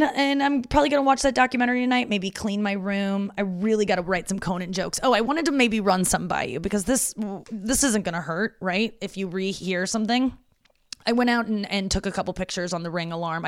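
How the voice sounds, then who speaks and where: A comedian in her thirties hosts a solo podcast from her parents' house, in a slightly low voice. She talks in a candid, confessional way, wandering from thought to thought with plenty of fillers and casual swearing. The recording is close and dry, with no room echo. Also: vocal fry.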